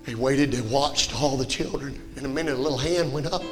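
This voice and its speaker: A man preaching a fiery revival sermon in a church, telling a story that swells into impassioned shouting. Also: medium pitch, brisk, loud music behind the voice. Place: church sanctuary.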